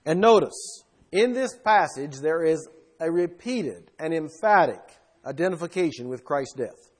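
A man preaching a sermon with emphasis, swinging between loud bursts and quiet asides. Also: on the high side, expressive, unhurried, husky.

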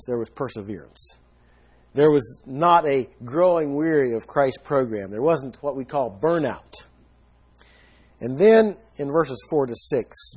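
A man's voice: mid-range voice, darkish tone, breathy edge. A man preaching a sermon in an earnest teaching tone, leaning hard on key words. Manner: earnest teaching tone, emphatic stresses.

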